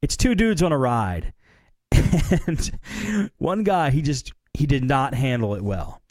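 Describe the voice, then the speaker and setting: A man co-hosting a casual late-night tech talk show. He sounds easygoing and chatty and tosses in quick asides. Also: medium pitch, sing-song, a little mellow, dry recording, clean studio sound. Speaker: co-host.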